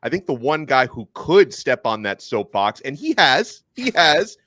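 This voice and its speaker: A man's voice: medium pitch, very animated, measured pace, bright, forceful tone, no room sound. A man hosting a sports podcast, laying out his analysis in a conversational way. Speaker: podcast host.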